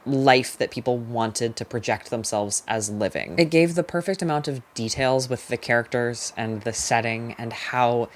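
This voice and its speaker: Chatty young book reviewer. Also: medium pitch. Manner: chatty, frequent "like" fillers, quick emphatic opinions. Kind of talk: casual book review vlog.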